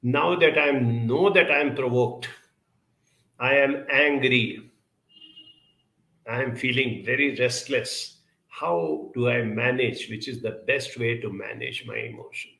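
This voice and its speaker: Earnest man with a gravelly voice. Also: mid-range voice, sharp tone, reverberant, low-quality recording. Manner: measured, earnest, many pauses and fillers. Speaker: self-help speaker answering viewer questions. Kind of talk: reflective talk.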